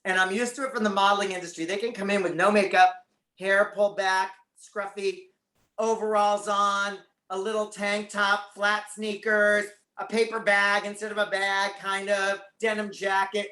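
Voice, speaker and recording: A man's voice: high-pitched, little pitch movement, moderate pace, bright, forceful tone, echoey room. A man as a guest on a talk show, chatting casually and animatedly about his career. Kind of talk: casual interview chat.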